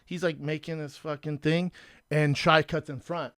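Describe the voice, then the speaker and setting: A man in his thirties hosting a podcast, telling animated stories and acting out the quotes in a casual chat. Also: fairly high pitch, normal speed, dry recording, studio quality. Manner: animated storyteller, acts out quotes. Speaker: podcast host.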